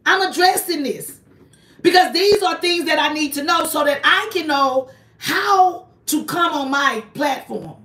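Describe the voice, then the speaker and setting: High-voiced woman firing accusing questions. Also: expressive, a little slow, a bit bright. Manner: repetitive accusatory rhetorical questions; preachy, invokes God. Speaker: live-stream host. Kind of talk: confrontational live-stream callout. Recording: roomy echo, voice distant from the mic.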